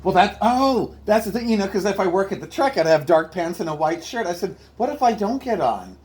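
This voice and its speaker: Rambling, halting man. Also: sits high, darkish tone. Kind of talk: casual chat.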